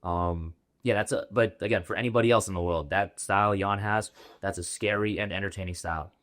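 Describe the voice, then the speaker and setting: Co-host, male, very low voice, rapid rambling delivery, dry close sound. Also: steady tone, fairly bright tone, no room sound. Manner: loose, rambling, heavy on fillers like "like". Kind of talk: casual fight breakdown chat.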